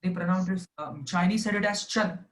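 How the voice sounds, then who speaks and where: A man's voice: high-pitched, brisk, rough recording. A man in a casual group discussion, explaining points agreeably with hesitant fillers. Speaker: discussion participant.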